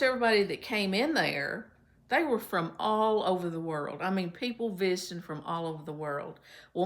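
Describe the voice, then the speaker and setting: A woman from Kentucky, telling a chatty, folksy story to her viewers. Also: lowish voice. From Kentucky, USA. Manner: folksy, chatty, warm storytelling with many fillers. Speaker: vlogger. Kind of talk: casual storytelling to camera.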